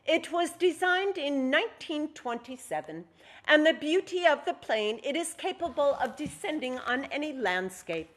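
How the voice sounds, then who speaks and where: A woman's voice: sits high, lively intonation, normal speed, fairly bright tone, voice pushed up. A woman reading aloud as a proud, tough young Soviet woman bomber pilot with a thick Russian accent. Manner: proud, matter-of-fact.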